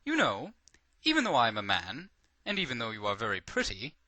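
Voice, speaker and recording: A man voicing an eccentric, overcaffeinated man who makes loud, overly formal statements in a read-aloud story. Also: mid-range voice, wildly swooping pitch, brisk, no echo, exaggerated voice.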